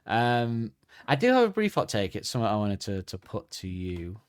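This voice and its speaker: Hosting a podcast, a man rambles through a casual chat, hesitant and full of fillers. His fairly low voice swings hugely in pitch at a moderate pace, with a clear, resonant tone in a dry studio-quality recording.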